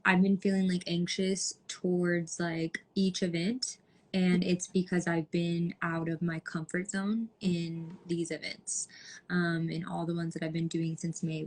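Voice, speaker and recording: A young woman hosting a podcast, chatting casually and rambling with many "like" fillers. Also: lowish voice. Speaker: podcast host.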